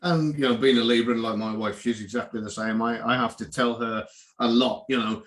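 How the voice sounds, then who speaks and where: A man's voice: medium pitch, fairly even intonation, a little fast, a bit bright. A man hosting a casual live video chat, easygoing and joking, often laughing. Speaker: host.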